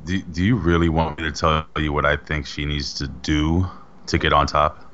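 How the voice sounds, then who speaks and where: A man's voice: rumbling low, flat delivery, normal speed, a bit bright, slight background noise. Man, podcast co-host, blunt and emphatic, rambles, lo-fi dull sound. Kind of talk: casual chat.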